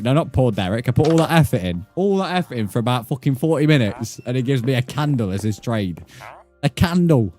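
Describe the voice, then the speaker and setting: Foul-mouthed British man streaming a game. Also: medium pitch. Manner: profane, excitable, mock-outraged. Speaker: gaming streamer. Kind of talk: live gameplay commentary.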